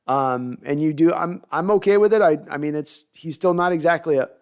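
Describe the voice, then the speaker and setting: A man's voice: fairly high pitch, fairly quick, darkish tone, smooth. A man hosting a live sports talk show, reading viewer comments and analyzing players in a conversational, thinking-aloud way. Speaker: podcast host.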